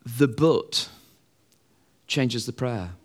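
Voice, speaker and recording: A man's voice: medium pitch, animated, very slow. A middle-aged man preaching a sermon in a conversational way, acting out the voices of other people.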